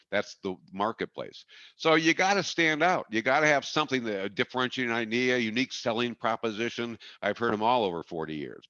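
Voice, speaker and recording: A man's voice: medium pitch, fairly bright tone, no room sound, muffled recording. A middle-aged man from Wisconsin giving a folksy, jokey, emphatic marketing webinar talk.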